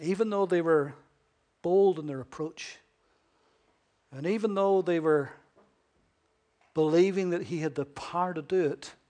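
Preaching with emphasis in a fairly high-pitched voice, this man asks rhetorical questions and alternates between loud passages and hushed ones.

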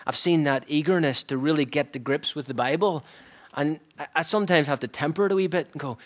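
A man preaching a sermon in an earnest, reflective way, often dropping to a hushed near-whisper. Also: on the high side, fast, hardly any pauses.

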